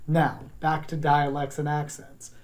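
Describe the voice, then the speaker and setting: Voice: medium pitch, little pitch movement, slight background noise. A drama teacher from the States, giving a recorded online class in a chatty way that wanders into asides. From Southern United States. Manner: chatty, wandering into asides, drops into quick accent demos.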